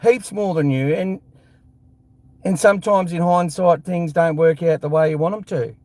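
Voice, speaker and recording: A man's voice: fairly high pitch, dry recording. An Australian man hosting a live fan show, ranting bluntly and heatedly with lots of swearing.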